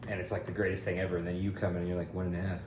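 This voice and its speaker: A young man from Kentucky telling stories on a podcast in a casual, animated way, jumping into high voices to quote people. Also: very fast. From Louisville, Kentucky. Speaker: podcast co-host. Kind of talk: casual storytelling chat. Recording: echoey room with background noise.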